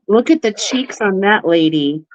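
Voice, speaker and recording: A woman hosting a casual live stream, bubbly and quick to laugh, who baby-talks to her pets while she chats. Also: mid-range voice, animated, no room sound. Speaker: livestream host. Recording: dry, slightly dull livestream audio.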